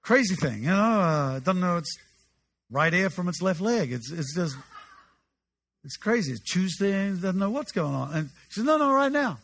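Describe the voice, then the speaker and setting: A male preacher tells a story from the pulpit in a high, bright voice that swings widely in pitch. He is animated and humorous, stumbling and restarting his phrases as he goes. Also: moderate pace. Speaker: pastor. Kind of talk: sermon storytelling.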